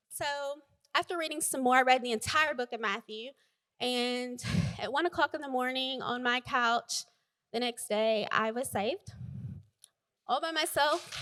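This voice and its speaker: A woman's voice: sits high, moderate pace, sharp tone. A woman giving a chatty, heartfelt personal testimony at church. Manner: chatty and heartfelt, apologizes for talking long.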